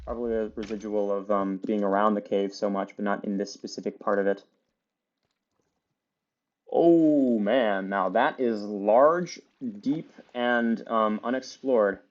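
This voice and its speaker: A man's voice: fairly low pitch, steady tone, normal speed, few pauses, dull audio. A man giving casual, chatty play-by-play commentary while he plays a video game, rambling with lots of fillers. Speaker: gaming video creator.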